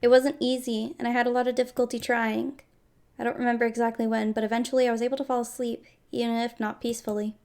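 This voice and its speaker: A woman's voice: a little high, little pitch movement, fast, darkish tone. A woman streamer reading a story game aloud and chatting in casual, giggly asides. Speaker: gaming streamer.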